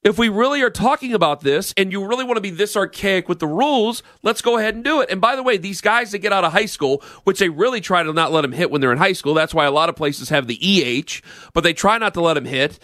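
High, bright-voiced ranting radio host. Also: male voice, expressive, fast, no room sound, studio quality. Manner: blunt, ranting, sarcastic. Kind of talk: sports talk radio monologue.

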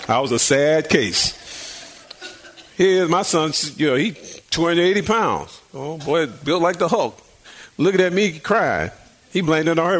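An older man preaches a sermon with a high, lifting voice. He talks to the congregation in a folksy, conversational way, repeating words as he builds up fervor. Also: sing-song, normal speed, fairly bright tone, slight background noise. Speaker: pastor.

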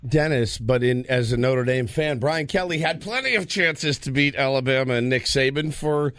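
A man's voice: mid-range voice, moderate pace, a bit bright, no echo, studio quality. A man co-hosting a sports radio show, joking and mocking himself in casual banter.

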